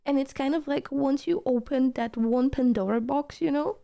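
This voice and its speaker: A woman's voice: high voice, normal speed, gravelly, dark tone. A woman streamer in casual reaction-stream chat, gushing and emotional, repeating her thanks over and over.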